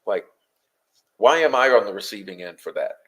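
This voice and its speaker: A man hosting a livestream, answering his chat in an exasperated, confrontational rant full of swearing and rapid-fire rhetorical questions. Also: lowish voice, animated, pushed and bright. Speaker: livestream host.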